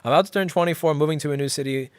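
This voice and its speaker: A man's voice: fairly high pitch, rapid-fire, smooth, no room sound. Guy who runs a repair shop talking on a livestream, blunt and swears a lot, dry close sound. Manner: blunt, rambling, profane. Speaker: repair shop owner and channel host. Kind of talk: casual livestream Q&A.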